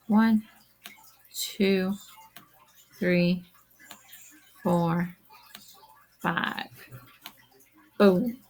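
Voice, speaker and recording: A woman teacher talks slowly through a recorded math lesson, her voice carrying a gravelly rasp. She counts items aloud and keeps asking her students questions to check they are following. It has the feel of a screen-recorded classroom video. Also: mid-range voice, rough recording.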